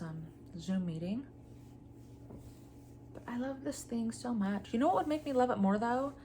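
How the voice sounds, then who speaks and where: A woman in her forties with a stuffy, blocked-nose sound, chatting casually as a vlogger with dry, deadpan humor. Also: mid-range voice, creaky, slight background noise. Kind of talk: casual chat.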